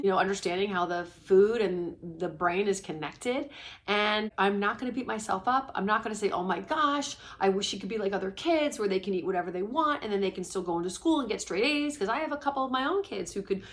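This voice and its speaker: A middle-aged woman with a mid-range voice, talking straight to the camera from home as a parenting coach. She tells a story in a confiding, animated way and sometimes drops to a hushed whisper. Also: mid-range voice. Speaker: parenting coach for ADHD families. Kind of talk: casual confiding vlog. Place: indoors at home.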